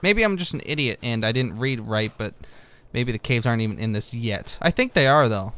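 A man's voice: mid-range voice, expressive, a little fast, a bit bright. Rambling, easily distracted young man gaming. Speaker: gaming video creator. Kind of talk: casual let's-play commentary.

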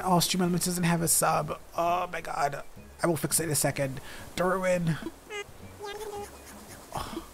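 A man's voice: fairly high pitch, normal speed, vocal fry, long pauses. A man giving playful, chatty commentary while streaming a game, talking back to the characters on screen. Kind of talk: casual gameplay commentary. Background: game music.

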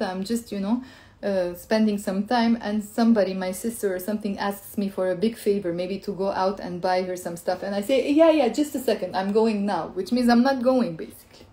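A woman with a Lebanese accent teaching a casual live language lesson, chatty and laughing often, repeating phrases slowly for learners. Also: medium pitch, dark tone.

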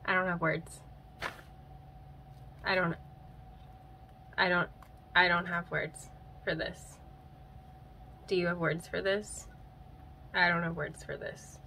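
A woman's voice: fairly low pitch, steady tone, slow pace, vocal fry, long pauses, pushed and bright, slight background noise, rough recording. A young woman in a casual unboxing vlog, gushing and teary, her voice catching as she laughs and cries over what she unwraps, recorded on a handheld camera. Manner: gushing, emotional, breaks into laughs and tears. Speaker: plant vlogger.

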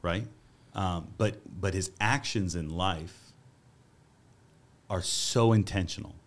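A man hosting a casual interview, earnest and enthusiastic, quoting others with lively voices. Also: low voice, slow. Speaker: podcast host.

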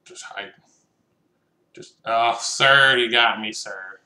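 A bright, forceful young man doing loose gameplay commentary. He jokes and swears freely and calls out to the other players as he plays. He talks slowly, with unhurried pauses. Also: medium pitch, roomy sound.

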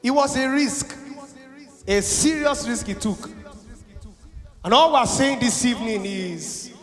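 A man preaching a fervent sermon, swinging between loud exhortation and hushed confession. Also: very high-pitched, slow. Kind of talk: impassioned sermon. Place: large university chapel. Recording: echoey hall with music behind.

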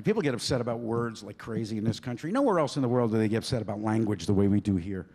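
A man's voice: on the low side, lively intonation, fast talker, hardly any pauses, dark tone. A man doing stand-up on a comedy club stage, talking loosely and crudely with the crowd.

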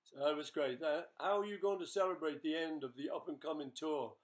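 Older male musician, casual webchat, jokey and rambling, slightly high-pitched speaking voice. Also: a little fast. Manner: chatty, jokey, rambling with fillers. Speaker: rock musician answering fan questions.

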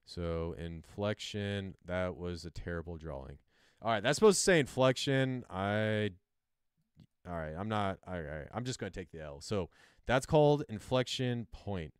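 A man's voice: sits low, expressive, measured pace, clear, resonant tone, no echo, clean studio sound. A man hosting a livestream, casually explaining a chart he sketches as he goes, loose and chatty with some self-mocking asides. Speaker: crypto livestream host. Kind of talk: casual explainer while drawing on a screen.

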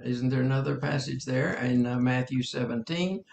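An older man teaching a sermon in an earnest, halting way, with many fillers and repeats. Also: medium pitch, gravelly, a little mellow, roomy sound, a little hiss or hum. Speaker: preacher.

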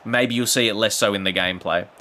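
Frustrated gamer ranting over gameplay. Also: male voice, quick pace. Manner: frustrated ranting, sarcastic, jumps into excited high exclamations. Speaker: gaming YouTuber. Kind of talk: gameplay commentary.

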